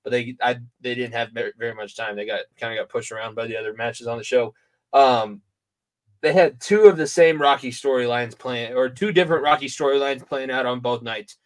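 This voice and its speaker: A man's voice: medium pitch, a little fast. A man co-hosting a podcast, chatting casually and teasing the others. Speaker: podcast co-host. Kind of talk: casual sports chat.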